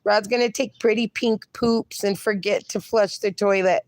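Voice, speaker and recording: A woman's voice: mid-range voice, steady tone, normal speed, a little mellow, no echo. A woman hosting a casual livestream, reading viewers' comments aloud and laughing often between them. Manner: laughs often, reads chat messages aloud; talks sweetly to her dog. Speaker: livestream host.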